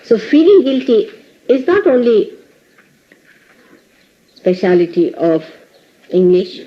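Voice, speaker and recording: A woman's voice: fairly high pitch, sing-song, slow pace, slight background noise. A woman spiritual teacher giving a talk to her followers, scolding them in a playful way and laughing often. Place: indoor ashram hall. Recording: dull lo-fi 1980s tape recording.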